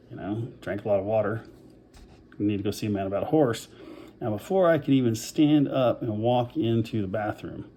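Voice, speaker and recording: Low, mellow man, winded. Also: a little hiss or hum. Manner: rambling, many fillers, self-deprecating. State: short of breath after covid, on oxygen. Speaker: vlogger. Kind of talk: casual video diary.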